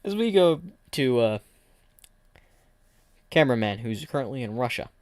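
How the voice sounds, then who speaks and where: A man's voice: medium pitch, very animated, normal speed, dry recording, clean studio sound. A man streaming and narrating an improvised fan story, rambling and restarting sentences.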